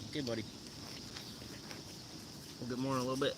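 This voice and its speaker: Sitting in the shade by a pool, a man hosts a casual livestream, chatting to viewers and cooing at his dog in a lighter sing-song voice. His mid-range voice has little pitch movement and runs a little fast. Heavy background noise includes faint outdoor sounds and geese.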